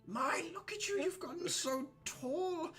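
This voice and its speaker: A man's voice: animated, unhurried, a bit bright, faint music behind, heavily acted. A man voicing a plump, smug and jovial middle-aged uncle in a tabletop game, with theatrical, fussy talk. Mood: teasing. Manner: theatrical, fussy, high-pitched gushing.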